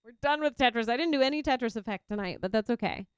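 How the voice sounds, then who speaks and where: Chatty Texan woman streamer, lively pitch. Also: quick pace, clean tone, no echo, studio quality. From Texas. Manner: chatty, reacts loudly to chat. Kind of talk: casual chat while gaming.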